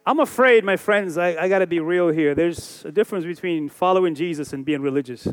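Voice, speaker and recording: A man's voice: high voice, fairly quick. A pastor in his forties preaching a sermon with emphatic, repeated phrases and rhetorical questions. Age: 40s.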